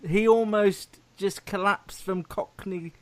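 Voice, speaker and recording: Playful, teasing man with a higher voice. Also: fairly even intonation, slow pace. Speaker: host. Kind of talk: casual chat.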